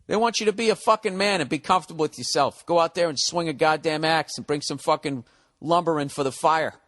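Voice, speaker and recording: A male podcast host rambles on his own in a loose, unscripted monologue. He is blunt and jokey, swears constantly, and sits slightly higher in pitch than most men. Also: fast, fairly bright tone. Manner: profane, blunt, joking.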